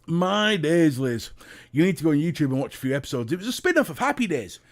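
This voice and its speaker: A man's voice: on the high side, huge pitch swings, racing. British man, livestream host, chatty and jokey, bouncy voice, casual chat. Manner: chatty and jokey, talks straight to chat, stumbles and restarts. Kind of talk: casual live chat reading viewer comments.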